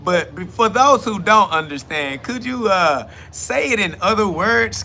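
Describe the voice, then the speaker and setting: Podcast host, male, bright slightly high voice, blunt and mocking, laughs at his chat. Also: very animated, normal speed, hardly any pauses, a little hiss or hum. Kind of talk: live solo podcast answering chat questions.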